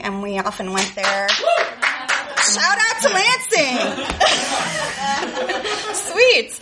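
A woman's voice: a little high, bright, forceful tone, a little hiss or hum. A woman from the South Side of Chicago telling a personal story on stage at a live show, sarcastic and profane with lots of energy.

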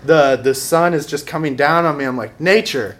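A man's voice: fairly high pitch, steady tone, a little fast, a bit bright. A young man telling a funny personal story on stage, wry and self-mocking, chuckling as he goes. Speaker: storyteller at a live show. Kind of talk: live comic storytelling.

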